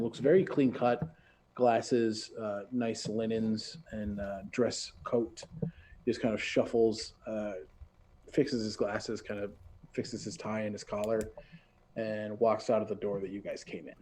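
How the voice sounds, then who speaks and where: A man narrating as game master in a relaxed way, often pausing with fillers. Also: on the low side, slight background noise.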